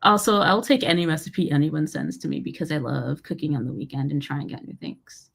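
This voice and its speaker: A woman's voice: deep voice, animated, brisk, creaky, fairly bright tone, breathy edge. An American woman hosting a casual livestream. She rambles with lots of fillers and laughter. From United States. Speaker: livestream host.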